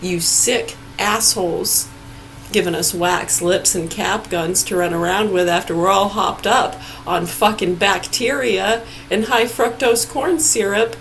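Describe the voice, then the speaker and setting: Woman, gravelly voice, slow delivery, profane ranting, faint background noise. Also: medium pitch, a bit bright. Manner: swearing, laughing between outbursts. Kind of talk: angry profane rant.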